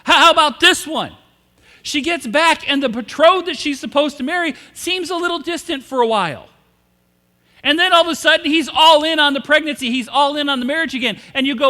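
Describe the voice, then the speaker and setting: A male pastor with a very high, bright voice preaches a humorous storytelling sermon and asks his congregation questions. His voice rings out with a long reverb through the church sanctuary. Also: a little fast. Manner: humorous storytelling, acts out quoted characters.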